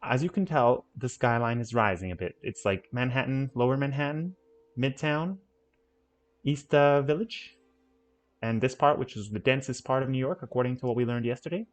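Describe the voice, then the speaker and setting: A man's voice: medium pitch, moderate pace. Give me a man rambling through a city-builder let's-play, self-correcting and playful, with faint background music. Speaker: gaming channel host. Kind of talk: casual let's-play commentary.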